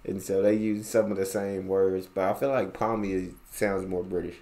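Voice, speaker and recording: American man, low-voiced, curious and chatty reaction host. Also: fairly even intonation, normal speed, mellow. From United States. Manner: curious, chatty, asks questions. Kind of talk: casual reaction commentary.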